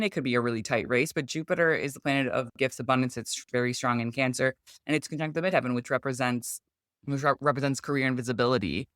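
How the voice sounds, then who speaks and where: A man's voice: medium pitch, a bit bright, dry recording, studio quality. A man co-hosting a podcast, explaining astrology charts in a chatty, casual way with frequent "like" and "you know".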